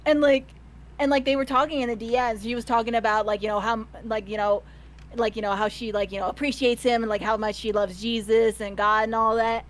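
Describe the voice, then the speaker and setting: A woman's voice: on the high side, fairly even intonation, brisk. A woman telling a story in casual chat, rambling with many fillers and giggling. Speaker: guest.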